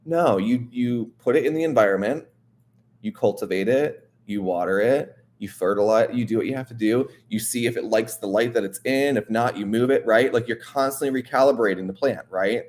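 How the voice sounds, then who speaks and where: A man's voice: medium pitch, moderate pace, a little mellow. A man hosting a wellness show, talking earnestly and directly to the listener in a casual, coaching way, often checking in with "right?". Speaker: wellness podcast host. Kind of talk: motivational casual talk.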